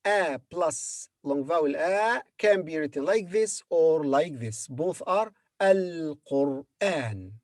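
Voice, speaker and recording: A man gives a very slow, patient language lesson. He repeats each word carefully and stops often to hesitate. The sound is dry and close, with no room echo. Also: fairly high pitch, animated, darkish tone. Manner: patient, repeats words slowly with hesitant fillers. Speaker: Arabic teacher.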